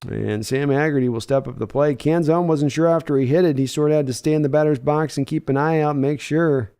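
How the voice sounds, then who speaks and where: Smooth-voiced man calling baseball live. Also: on the high side, a little fast. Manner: excitable home run calls, chatty while reading chat. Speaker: live stream host reacting to a baseball game. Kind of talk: casual live play-by-play and chat.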